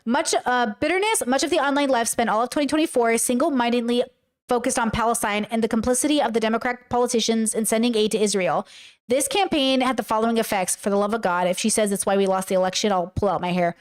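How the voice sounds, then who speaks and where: A woman streaming live reads a text aloud and reacts to a video with emotional, exclaiming commentary, at times tearful. Her voice is a little high and her pace quick.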